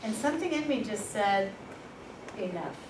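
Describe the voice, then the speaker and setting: A woman presenting a workshop, telling personal stories in a lively, informal way and laughing at herself. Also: mid-range voice, normal speed. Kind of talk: personal storytelling in a workshop talk. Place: workshop room. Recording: echoey room, far from the mic, noisy.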